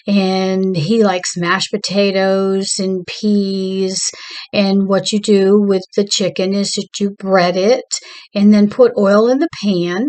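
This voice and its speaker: A woman telling a gentle personal story from her church, her voice lifting when she quotes others. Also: mid-range voice, low-quality recording. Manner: slow, gentle, animated when quoting. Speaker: church member sharing a story.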